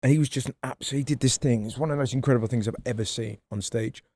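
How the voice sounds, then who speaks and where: A man, a comedian guest on a podcast, talking in a rambling, animated way and swearing freely. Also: medium pitch, very fast. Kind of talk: casual podcast chat.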